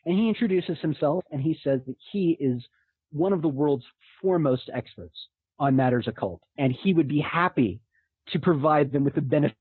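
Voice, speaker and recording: A man telling a tabletop gaming story in a casual, animated way, often laughing. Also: fairly high pitch, normal speed, breathy edge, no echo. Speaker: podcast guest; game master telling a story. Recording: tinny phone-like line.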